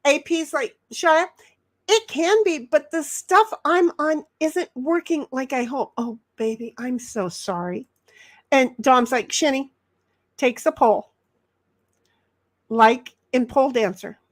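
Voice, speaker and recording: Casual livestream host, female, fairly high voice, rambling chatty delivery reading viewer comments. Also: slow. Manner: rambling, reads chat messages aloud, frequent restarts. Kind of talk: casual chat.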